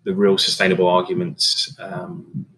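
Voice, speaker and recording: A man's voice: deep voice, moderate pace, a little hiss or hum, rough recording. A middle-aged man, a catering business owner, chatting casually in an interview with lots of fillers and restarts. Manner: relaxed, rambling, many fillers and restarts.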